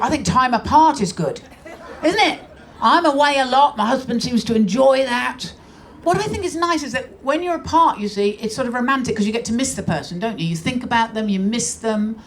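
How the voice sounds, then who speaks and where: A woman's voice: a little high, slight background noise. A middle-aged woman performing a stand-up comedy routine in a brash, conversational, mock-exasperated way on a club stage. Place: comedy club stage before a laughing audience.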